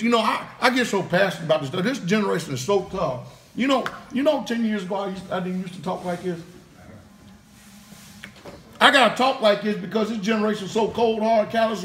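Fiery, high-voiced male preacher. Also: fairly bright tone, slight background noise. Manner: heated and blunt, with rhetorical questions; curses freely.

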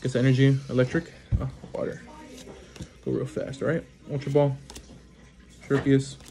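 A man hosting his own channel, casually commenting at home at a small table as he opens card packs, rattling off card names quickly with brief excited reactions. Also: mid-range voice, vocal fry, slight background noise. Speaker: card-opening channel host.

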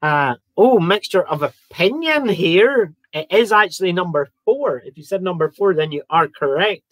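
A quiz host with a high-pitched voice, lively intonation, and a bit of brightness runs a live-streamed online quiz at a moderate pace, with no room sound. He's chatty, reading out viewer comments and joking between questions.

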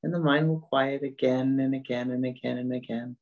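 A spiritual teacher giving a meditative dharma talk, gentle and repetitive, often fading to soft murmurs. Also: medium pitch, fairly even intonation, fairly quick, narrow, tinny audio.

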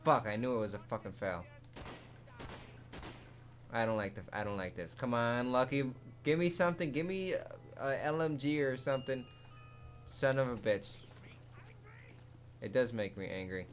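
A man giving live commentary over a zombie game, excitable and jumpy, swearing often and laughing at his own jokes. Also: mid-range voice, normal speed, long pauses, faint music behind. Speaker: gaming commentator.

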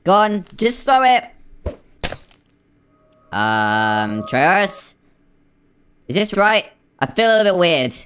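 A man plays through a game with his voice run through a pitch-raising filter, so he sounds higher than his natural voice. He talks in excitable, jittery bursts, full of nervous exclamations. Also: slow, pauses often, soft background music. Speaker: gaming video creator. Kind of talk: playing through a game adventure.

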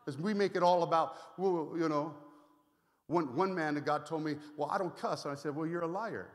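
High-pitched guy preaching a sermon, animated and chatty, echoey church hall. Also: normal speed. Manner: animated, conversational preaching with asides and repetition. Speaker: pastor. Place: church sanctuary. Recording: reverberant hall.

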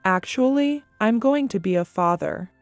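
An introverted middle-aged son, timid and soft-spoken, as a woman narrator voices him in an audio story. His voice stays at an ordinary middle pitch. The recording is dry and close. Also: expressive, moderate pace, clear, resonant tone, no echo, faint music behind, lightly acted. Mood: eager.

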